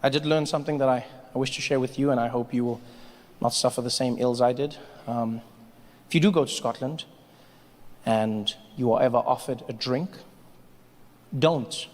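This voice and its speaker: A man doing stand-up comedy, telling stories in an animated way and building up to shouting. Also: medium pitch, normal speed, pauses often, big-room sound.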